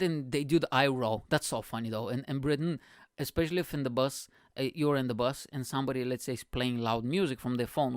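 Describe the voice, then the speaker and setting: A man hosting a podcast, telling comic stories in a rambling, sweary, animated way. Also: medium pitch, no room sound, studio quality. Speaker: podcast host. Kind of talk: comedic monologue.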